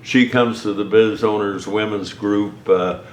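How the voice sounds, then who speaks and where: A man's voice: fairly low pitch, fairly even intonation, measured pace. Conversational male host, rambling delivery, roomy echo, faint noise behind. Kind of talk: casual storytelling.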